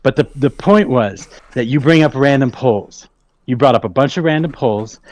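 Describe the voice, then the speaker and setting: A man's voice: medium pitch, moderate pace, darkish tone. A male guest in a heated online debate, exasperated and insulting, often stumbling over his own restarts.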